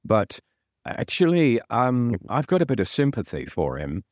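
A man's voice: medium pitch, wildly swooping pitch, measured pace, dry recording. A man giving his views as a football pundit in casual studio chat, hesitant with many fillers and restarts.

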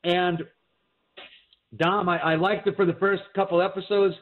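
A man's voice: high voice, little pitch movement, moderate pace, a little hiss or hum. A man critiquing TV shows in casual chat, rambling with many restarts and fillers, and hiccuping as he talks. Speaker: TV critic guest. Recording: tinny phone line.

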